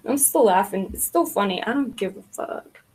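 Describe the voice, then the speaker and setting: A woman's voice: medium pitch, expressive, normal speed, darkish tone, breathy edge. A woman hosting a casual livestream, rambling about online gossip with frequent laughter, swearing and filler words.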